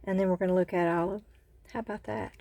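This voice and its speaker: A woman with a Southern US accent hosting a casual crafting vlog from her phone camera, gushing with excited exclamations. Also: on the low side, quick pace, no room sound. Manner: excited exclamations, says y'all a lot. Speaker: craft channel host.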